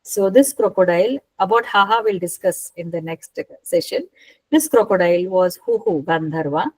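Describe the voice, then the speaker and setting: A woman retelling a scripture story as a talk, unhurried and asking her listeners rhetorical questions. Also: on the low side, a little mellow, dry recording, poor audio.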